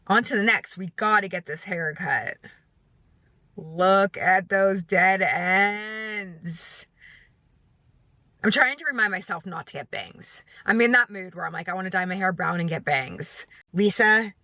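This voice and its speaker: A woman's voice: mid-range voice, fairly bright tone, no room sound. A woman in her thirties chatting casually to her phone camera from a parked car, rambling and poking fun at herself. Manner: chatty, self-mocking, rambling with fillers. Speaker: vlogger. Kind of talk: casual vlog chat to camera.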